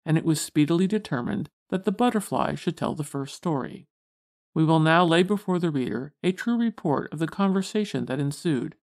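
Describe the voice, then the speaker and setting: A woman narrating an audiobook of a classic science storybook in a measured, formal reading style. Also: sits low, darkish tone. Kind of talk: scripted narration.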